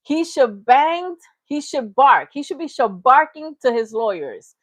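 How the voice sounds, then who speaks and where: A woman's voice: high voice, very animated, measured pace, no echo. Playful mocking woman, dry close sound. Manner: mocking, playful, rambling with invented nonsense words. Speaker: reaction channel host. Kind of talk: casual commentary.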